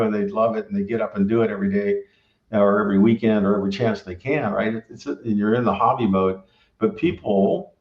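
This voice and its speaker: A middle-aged man with a low voice talks in a loose, rambling way and keeps checking in with his listener. The sound is roomy and dull, as if taped in a reflective room. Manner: rambling, peppered with tag questions. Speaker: barbecue restaurant owner and former engineer. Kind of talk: casual conversational storytelling.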